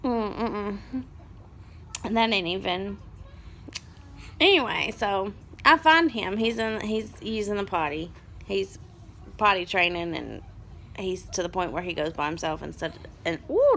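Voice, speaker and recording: A mother in her thirties telling a story in a rambling, animated vlog and turning aside to her children. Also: mid-range voice, measured pace, creaky, long pauses, a little hiss or hum. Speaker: mother vlogger.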